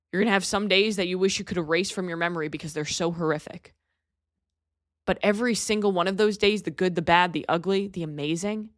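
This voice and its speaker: A young adult podcast host speaks at medium pitch in a dry, clean studio recording. Candid and earnest, she gives a motivational monologue, dropping casual swear words along the way.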